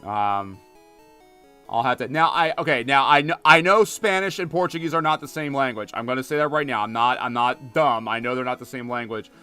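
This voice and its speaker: Young male streamer, Philadelphia accent, bright and clear voice, rambling chat with fillers, game music faintly behind. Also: mid-range voice, a little fast. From Philadelphia area, United States. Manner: chatty, rambling, many fillers and restarts. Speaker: gaming streamer. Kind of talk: casual live-stream chat while playing.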